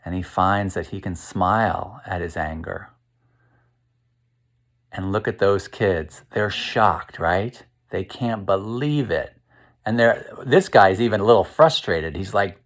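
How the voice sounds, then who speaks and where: Slow-paced man reading a children's book aloud, gentle and questioning, leading kids through breaths. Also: low voice. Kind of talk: interactive read-aloud for kids.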